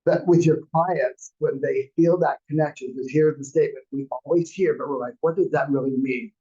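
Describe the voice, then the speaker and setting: A man's voice: on the high side, steady tone, normal speed, mellow, husky. A man in his forties teaching a class, rambling through personal anecdotes and acting out quotes in a dull lo-fi recording. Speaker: real estate class instructor. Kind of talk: casual storytelling lecture.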